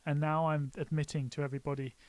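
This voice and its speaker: Male streamer, slightly high voice, dry close mic, jokey and self-mocking. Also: little pitch movement, fast talker, no echo. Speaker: live stream host. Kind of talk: casual live stream walkthrough.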